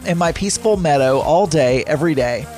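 A man's voice: a little high, animated, fairly quick, a little mellow, faint music behind, lightly acted. A man voicing a gloomy cartoon pig who hides from the news, in a plain reading voice. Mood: glum.

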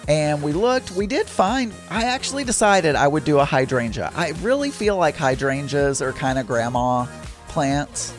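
A man's voice: fairly high pitch, very animated, normal speed, soft background music. A middle-aged man telling a rambling, chatty story with exasperated asides. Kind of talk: casual storytelling monologue.

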